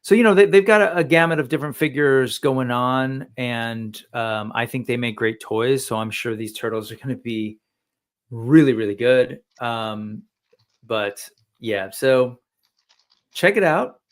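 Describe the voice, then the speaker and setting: A man's voice: mid-range voice, measured pace. A man hosting a casual livestream chat, rambling and talkative with frequent fillers and self-corrections. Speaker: livestream host. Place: home studio.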